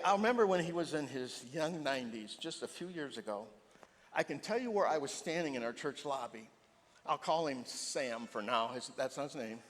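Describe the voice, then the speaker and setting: Older man preaching in a reverberant church. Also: mid-range voice. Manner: animated storytelling, voice jumping up for emphasis. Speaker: pastor. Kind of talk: sermon. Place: church sanctuary. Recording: long hall reverb.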